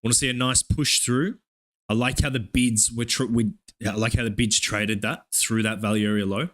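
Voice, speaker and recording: A young man from Australia with an Australian accent, streaming live trading commentary in a profane, hyped play-by-play with excited oohs. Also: mid-range voice, moderate pace. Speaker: live-streaming futures trader.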